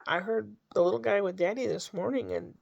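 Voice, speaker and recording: An older grandmother talks through family stories in a casual monologue. She rambles in a homey way and restarts her sentences. Her voice is gravelly and husky. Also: medium pitch, a little fast, darkish tone, muffled recording.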